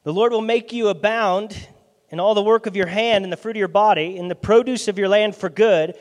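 A male pastor preaching a sermon in a lively, conversational way, his loudness swinging from soft asides to sudden bursts. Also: high voice, fairly quick. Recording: long hall reverb.

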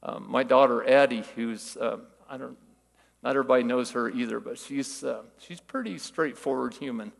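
A man's voice: medium pitch, normal speed, creaky, in a large hall. An older man giving a conversational sermon, telling folksy stories and asking rhetorical questions. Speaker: church teacher.

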